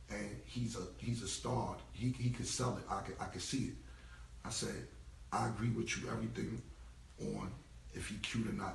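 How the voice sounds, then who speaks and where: A man's voice: medium pitch, gravelly. A man telling a long, profane story on a phone livestream, loose and casual, acting out the people in it. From New York. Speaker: rapper telling stories on a livestream. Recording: roomy, distant phone audio with faint noise.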